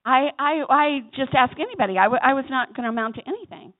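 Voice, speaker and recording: A woman preacher delivering a sermon in a church chapel, swinging between loud exhortation and soft asides and calling on the congregation to answer. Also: sits high, expressive, fast talker. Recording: tinny phone-like sound.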